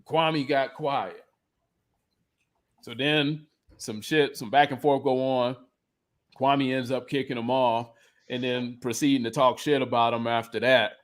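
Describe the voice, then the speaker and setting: A man's voice: medium pitch, steady tone, a little slow, long pauses. A man co-hosting a podcast, ranting in a profane, heated way in casual chat. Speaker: podcast co-host.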